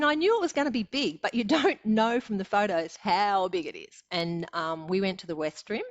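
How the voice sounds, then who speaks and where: A woman's voice: on the low side, no room sound, highs cut off. An Australian woman in her sixties, a podcast guest telling her stories in a chatty way and laughing often. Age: 60s. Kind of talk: casual storytelling.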